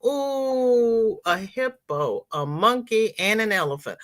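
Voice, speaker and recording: Slow-talking bright-voiced woman streamer. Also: a little high, animated. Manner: chatty, reads viewer comments aloud, playful asides. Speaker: crochet live stream host. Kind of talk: casual live stream chat reading comments. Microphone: computer mic on a live stream.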